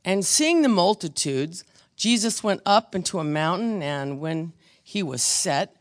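A woman's voice: on the low side, lively intonation, measured pace. A woman leading a casual Bible study, chatty and storytelling, with frequent restarts.

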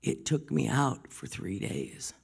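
A woman delivers a sermon full of personal testimony. Her voice is gravelly and husky, and it often falls to a hushed whisper as she tells her stories. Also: rumbling low, big pitch swings, slow. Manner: storytelling, often dropping to a whisper. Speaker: preacher.

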